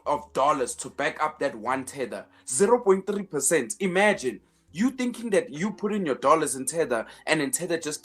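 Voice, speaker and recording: A man hosting a finance show in casual commentary, emphatic, repeating words as he builds each point, with sarcastic asides. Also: a little high.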